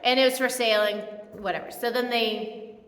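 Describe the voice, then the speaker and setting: Bright chatty woman preaching in an echoey church. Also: fairly high pitch, fairly even intonation, a little fast, soft background music. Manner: chatty, laughing, self-correcting storyteller. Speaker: speaker at a church. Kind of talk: casual sermon retelling a movie plot. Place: church sanctuary. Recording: echoey hall with long reverb.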